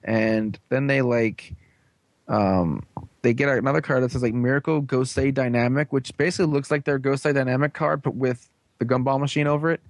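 Brief: young male host, casual sarcastic recap, lots of ums, mid-pitched, dry close sound. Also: a little fast, no echo. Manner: rambling, filler-heavy, sarcastic. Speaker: show host.

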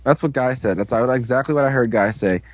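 A man co-hosting a casual podcast, recapping an episode in a rambling, jokey way and acting out characters in quick quoted voices. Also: mid-range voice, no room sound. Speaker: podcast co-host.

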